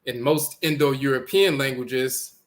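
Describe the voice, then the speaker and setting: A man's voice: mid-range voice, a little slow. A man giving an explanatory lecture, repeating words and sounding out letters as he teaches.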